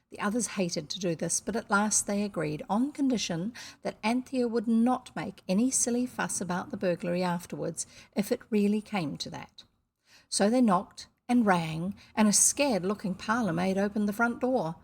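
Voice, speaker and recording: A woman from New Zealand reads a children's novel aloud, her voice mid-pitched with a husky, gravelly grain. Now and then she drops out of the story for casual asides about the pictures on the page. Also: moderate pace, a little mellow. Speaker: storybook reader.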